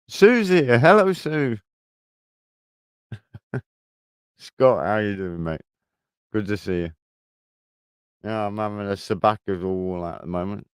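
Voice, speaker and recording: A man's voice: low-pitched, clean tone, no room sound. A man, chatting casually on a livestream from his shed, telling rambling stories full of swearing. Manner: rambling storytelling, heavy swearing. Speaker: livestream host. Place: garden shed.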